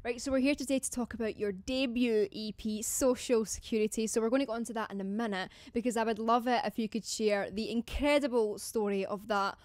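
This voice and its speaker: A woman's voice: on the high side, steady tone, brisk, hardly any pauses, darkish tone, no echo, studio quality. Bubbly Scottish woman host. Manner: bubbly, enthusiastic. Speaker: interviewer host. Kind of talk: casual interview.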